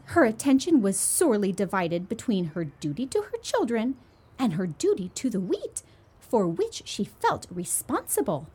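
A woman reading a children's storybook aloud to young listeners, in an expressive, gently emphatic way. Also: medium pitch, moderate pace, husky.

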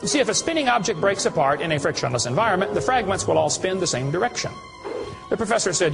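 A man's voice: high-pitched, very animated, quick pace, creaky, music in the background. A man giving a preaching lecture to an audience, telling folksy, mocking stories with acted dialogue. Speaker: creation science speaker.

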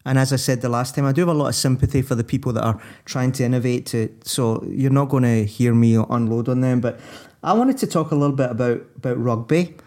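A man's voice: medium pitch, fast, dark tone. Rambling man talking sport. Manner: rambling, thinking aloud with many restarts. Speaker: podcast co-host. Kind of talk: casual sports chat.

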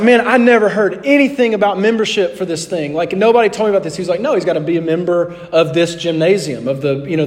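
A middle-aged man preaching a sermon, telling a personal story in an animated way and acting out both sides of the dialogue. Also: fairly high pitch. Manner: animated anecdote, acting out dialogue, drops to soft tones. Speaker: pastor. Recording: long hall reverb.

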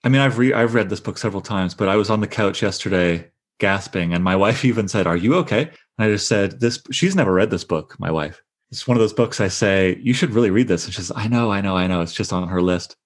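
A man with a fairly low voice leads a book discussion. He speaks with animated emphasis and reads passages aloud. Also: fairly quick. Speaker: discussion leader.

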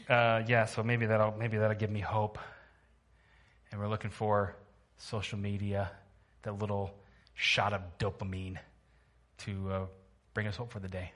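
A man's voice: on the low side, steady tone, normal speed, pauses often, sharp tone. A man preaching a sermon to his church, talking in a loose, humorous way and putting questions to the congregation. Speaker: pastor.

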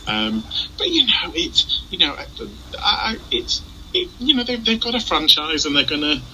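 A man co-hosting a podcast in casual chat, halting with many ums and restarts, with a dry sense of humour. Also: high voice, very animated, background noise. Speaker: podcast co-host.

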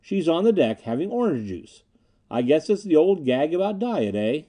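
A man's voice: fairly high pitch, very animated, normal speed, warm tone. A man voicing a cheerful, teasing male ship officer in a spoken story, jovial and fond of argument.

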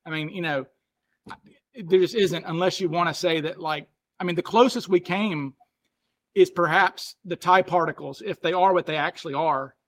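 A man's voice: high-pitched, normal speed. A man hosting a podcast in casual chat, thinking aloud and circling back to rephrase his points. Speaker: podcast host.

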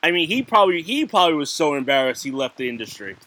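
Male podcast co-host, giggly and rambling, bright forceful voice, slightly high. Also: very animated, fast, a little hiss or hum. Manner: giggly, rambling with fillers and restarts. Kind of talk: casual chat.

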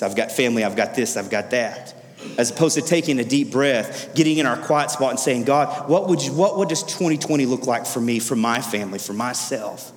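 A man preaching a sermon as pastor, energetic, calling out to the congregation for responses. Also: mid-range voice, in a large hall.

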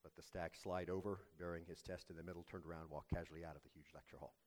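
A man preaching a sermon as pastor, telling a story in a measured, earnest way. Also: low-pitched, fairly even intonation, darkish tone.

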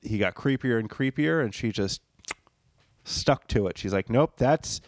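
A man telling a funny story about his job as a server in a profane, animated way, acting out the people in it. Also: fairly low pitch, moderate pace, no echo. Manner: profane, animated, acts out quotes. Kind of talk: casual comedic storytelling.

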